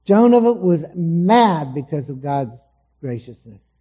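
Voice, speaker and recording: A man preaching a sermon to a congregation, dramatic, acting out the voices he quotes and swinging between loud emphasis and soft, low asides. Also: sing-song, slow, slightly rough. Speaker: pastor. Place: church hall before a congregation.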